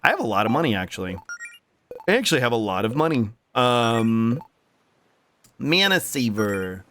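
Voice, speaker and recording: Silly streamer guy playing a game, bright voice all over the place, faint hiss. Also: mid-range voice, very animated, normal speed. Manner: goofy, swears, scats nonsense syllables. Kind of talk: casual game commentary.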